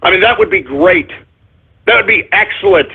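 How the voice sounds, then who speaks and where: A man's voice: high-pitched, expressive, normal speed, gravelly, slightly rough. A man hosting a political talk radio show, ranting angrily and swearing often. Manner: angry, profane, ranting. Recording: narrow phone-like lo-fi sound.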